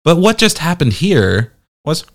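A man's voice: on the high side, sing-song, unhurried. A man hosting a podcast review show, chatting casually in a sarcastic, teasing way. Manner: sarcastic, teasing, jumpy delivery.

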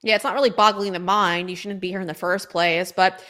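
A woman's voice: fairly low pitch, steady tone, brisk, bright, forceful tone, slight background noise. A woman hosting a political talk show, speaking in an emphatic conversational way with many fillers. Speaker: show host. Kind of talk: opinionated political commentary.

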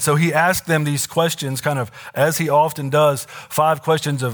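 A man's voice: on the high side, normal speed, hardly any pauses. Casual conversational male pastor preaching. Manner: conversational preaching with fillers and asides. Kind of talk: sermon.

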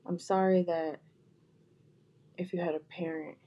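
A woman speaking gently and directly to her viewers, repeating heartfelt apologies and words of comfort. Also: fairly low pitch, little pitch movement, a little slow. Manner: gentle, soft-spoken, repetitive, with frequent restarts. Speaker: vlogger.

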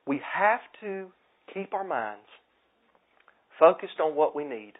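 A man preaching a sermon with passion, repeating his points and swinging from loud declarations to hushed asides. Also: fairly high pitch, sing-song, takes it slowly. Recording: tinny phone-like sound.

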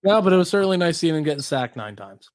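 A man's voice: a little high, very animated, fast talker, dry recording, clean studio sound. A man hosting a sports radio show, chiming in with brief, wry comments. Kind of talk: casual sports talk.

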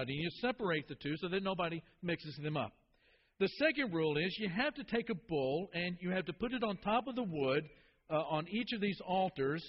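High-voiced preacher in a reverberant hall. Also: male voice, lo-fi sound. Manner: call-and-response questions to the congregation, repeating phrases for emphasis. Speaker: pastor. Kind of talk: sermon.

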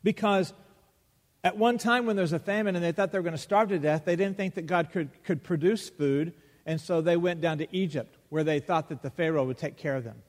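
Preaching man in a reverberant hall. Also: a little high. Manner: preaching with acted-out Bible dialogue, pauses for emphasis. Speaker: pastor. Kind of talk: sermon.

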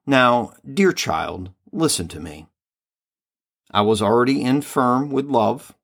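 A man reading the part of a loving heavenly mother and queen, slow, solemn and tender, in a devotional reading. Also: mid-range voice, lively intonation, fairly bright tone, heavily acted.

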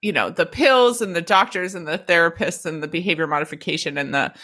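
A woman co-hosting a casual talk about addiction recovery, blunt and animated, swearing and laughing often. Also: on the low side, fast talker.

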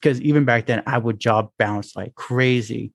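A man hosting a podcast, talking in a hesitant, halting way with many pauses and restarts. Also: mid-range voice, vocal fry, no room sound, studio quality. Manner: hesitant, many fillers and restarts, self-described introvert. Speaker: podcast host. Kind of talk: casual podcast conversation.

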